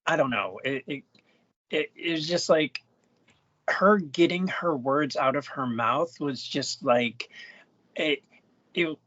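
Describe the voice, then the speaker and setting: A man co-hosting a movie podcast, talking casually and haltingly, often repeating words. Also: fairly high pitch, a bit bright, dry recording. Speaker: podcast co-host. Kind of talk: casual movie review chat. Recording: dull lo-fi dry sound.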